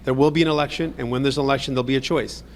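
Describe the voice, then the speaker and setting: Fast rehearsed politician in a clip. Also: male voice, medium pitch, fairly even intonation, a little hiss or hum. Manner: repetitive, evasive, rehearsed. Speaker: politician in a press scrum. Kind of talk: scripted talking points.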